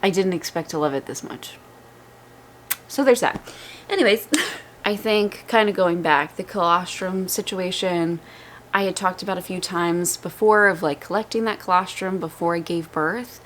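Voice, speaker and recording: A woman's voice: fairly low pitch, moderate pace, slight background noise. Tired young woman, chatty vlog. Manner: chatty and candid, laughs often, rising excitement. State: exhausted. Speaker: vlogger. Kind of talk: casual chat. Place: at home, indoors. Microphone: vlogging microphone.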